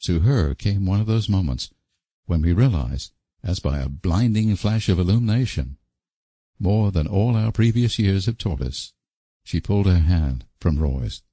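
A man narrates a novel in a measured, expressive way. His voice is low, dark and a little husky, moving widely in pitch. The sound is close and dry. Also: dry recording. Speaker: audiobook narrator. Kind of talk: scripted narration.

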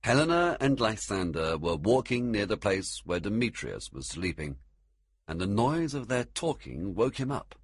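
A man reads a storybook aloud in a very deep voice that rises and falls expressively. His tone is slightly husky, and the recording is dry and close. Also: very animated, moderate pace, no room sound. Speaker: narrator. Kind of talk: storybook narration.

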